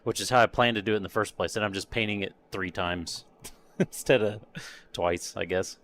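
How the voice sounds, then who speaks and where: A man's voice: fairly low pitch, normal speed, fairly bright tone, slight background noise. A man chatting casually on a live stream while painting a model kit, muttering to himself and trailing off. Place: home workshop.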